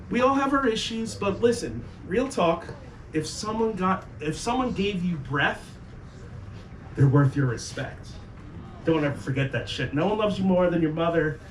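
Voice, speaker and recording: High-voiced comedian in an echoey club. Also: male voice, measured pace. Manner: profane, animated storytelling with acted quotes. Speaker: stand-up comedian. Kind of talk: stand-up comedy set. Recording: echoey room, far from the mic, noisy.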